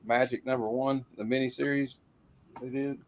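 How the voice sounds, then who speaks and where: A man's voice: mid-range voice, fairly even intonation, moderate pace, no echo. Rambling man showing off comics. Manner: rambling, many "uh" fillers. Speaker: comic collector showing his haul. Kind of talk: casual group chat on a stream.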